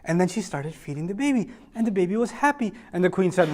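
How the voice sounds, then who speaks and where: A man's voice: high-pitched, quick pace, few pauses. A man telling a story to children in a lesson, acting out the characters and asking the kids questions. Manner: animated, acts out characters with voice changes, asks the kids questions. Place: room with children listening.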